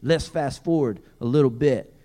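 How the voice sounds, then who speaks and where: A pastor delivers a sermon, moving between scripture reading and joking asides to the congregation. His voice sits at an ordinary middle pitch for a man. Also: normal speed, warm tone. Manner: reads scripture aloud, breaks in with playful asides.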